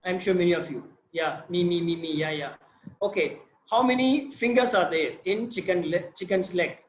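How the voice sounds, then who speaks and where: A man with an Indian English accent, a field biologist telling his research story in an informal online session, animated and quizzing his listeners. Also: high-pitched, normal speed, slight background noise. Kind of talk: informal talk on a video session. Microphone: video call. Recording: roomy echo.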